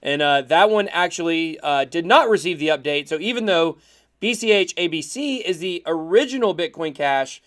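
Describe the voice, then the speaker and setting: A man co-hosting a casual podcast, animated and laughing often, stumbling over words as he explains. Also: on the high side, normal speed. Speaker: podcast co-host.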